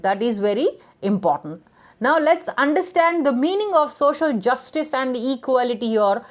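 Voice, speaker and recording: High-voiced woman lecturing through a list. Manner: enumerating points with fillers and restarts. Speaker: teacher. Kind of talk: lecture reading out points.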